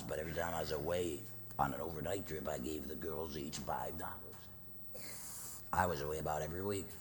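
A middle-aged man preaching a sermon as pastor, telling a family story with acted quotes, swinging from loud to hushed. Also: very deep voice. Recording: long reverb, faint noise.

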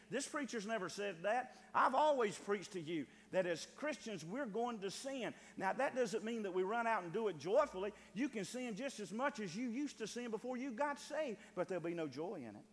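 A man preaching a sermon as pastor, calling out to the church and building to loud, rising appeals. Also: high voice, in a large hall.

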